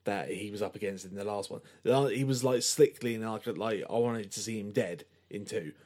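A man's voice: lowish voice, a little fast. A man co-hosting a podcast, chatting casually about a film with rambling, filler-heavy sentences. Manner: rambling, animated, many fillers. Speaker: podcast co-host. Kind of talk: casual film review chat.

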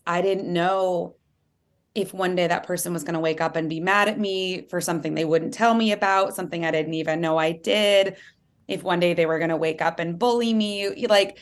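A woman author being interviewed, talking earnestly and animatedly and acting out quotes in lively voices. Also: on the low side. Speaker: author and guest. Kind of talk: candid interview conversation.

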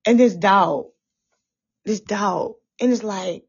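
Her mid-range voice is slow with a breathy edge as she gives an impassioned religious testimony about a dream. She repeats herself and is often tearful, captured in a dull, lo-fi recording.

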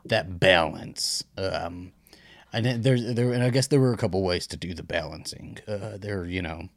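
A man co-hosting a podcast chats casually about a TV series in a lowish voice. He sounds laid-back and joking, and his phrases trail off quietly. The recording is dry and close. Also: moderate pace, no echo. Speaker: podcast co-host.

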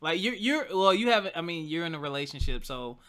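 A man's voice: fairly high pitch, very animated, brisk, bright, forceful tone, smooth. A man hosting a casual chat, asking questions in a loose, teasing way and laughing often. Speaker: podcast host.

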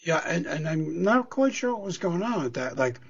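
A man's voice: on the high side, very animated, normal speed, gravelly, husky. A middle-aged man from the US East Coast, co-hosting a podcast in casual chat; he rambles, restarts and swears. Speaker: podcast co-host. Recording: dull lo-fi audio.

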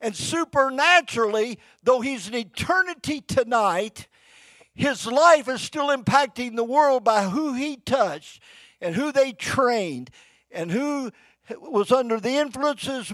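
An older man preaches to his congregation in a folksy, fervent way, his fairly high voice leaping between shouts and near whispers. The pitch swings widely. The sound is close and dry, with little room echo. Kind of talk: sermon. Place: church before a live congregation.

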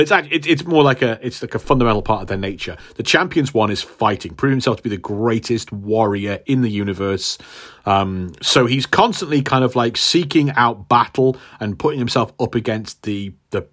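Animated man rambling through a comic story. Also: medium pitch. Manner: animated, rambling, laughs a lot, many fillers. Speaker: podcast co-host. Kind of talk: casual chat, retelling a comic story.

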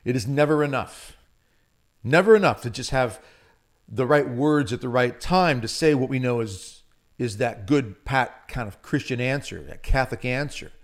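A man preaching a Catholic sermon with passion, moving between loud emphasis and hushed asides. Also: mid-range voice, expressive, a little slow.

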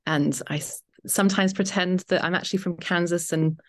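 A woman's voice: fairly low pitch, fairly even intonation, fairly quick. A British woman, a journalist and author, talking as a guest in a podcast interview, thoughtful and with frequent fillers. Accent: British English. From Britain. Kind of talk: conversational interview.

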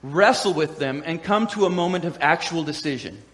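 A man preaching a sermon as a pastor, animated and playful, acting out quoted voices with humor. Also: on the high side, normal speed, long reverb tail.

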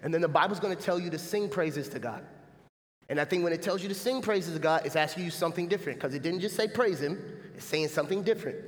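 A man preaching a lively sermon as pastor, often turning to the congregation with a quick "right?". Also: on the high side, long reverb tail. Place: church sanctuary. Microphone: stage mic.

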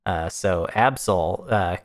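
A man's voice: deep voice, slow. A man co-hosting a casual board game chat, speaking in a laid-back way that hedges and jokes. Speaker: co-host.

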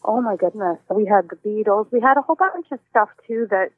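A woman in her forties, a musician, answering interview questions in a reflective, animated way with many restarts. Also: medium pitch, a little fast, dry recording. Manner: warm, reflective, with frequent restarts and exclamations. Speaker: musician guest. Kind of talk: relaxed personal interview answers. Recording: dry, tinny phone-like line.

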